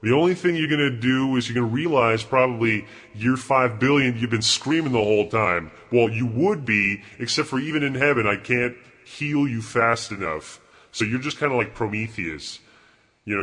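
A man playing a crude, contemptuous God in a comedy bit, talking in a profane, rambling, mocking way with a husky voice. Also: mid-range voice, normal speed, fairly bright tone, natural voice. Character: crude arrogant male God, bored and contemptuous.

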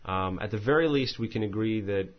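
A podcast host with a fairly low, fairly quick male voice chats casually and reads listener mail aloud, rambling, mocking himself and often tripping over words. The high frequencies in the audio are cut off.

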